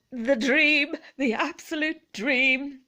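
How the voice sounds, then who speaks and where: A woman vlogging in a relaxed storytelling chat, gentle and chatty with frequent laughs and quiet asides. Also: high voice.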